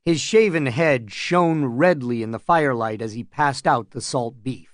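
A man narrating an audiobook in calm, measured storytelling. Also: medium pitch, no room sound, studio quality.

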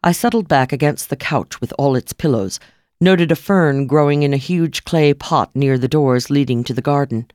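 A woman's voice: very deep voice, moderate pace, a little mellow, dry recording. A woman reading a first-person novel aloud in a dry, wry narrating manner. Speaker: audiobook narrator. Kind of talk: scripted narration.

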